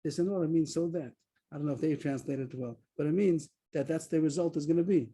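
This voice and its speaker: Over a video call, a man teaches an online Talmud lesson, walking through a text step by step and putting stress on key words. His voice is fairly high, quick, warm, and slightly rough, and the video call mic gives poor audio quality.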